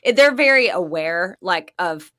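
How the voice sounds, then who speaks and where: A woman co-hosting a radio show, chatting and telling travel stories in an animated way, often laughing. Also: fairly low pitch, unhurried. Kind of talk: casual chat.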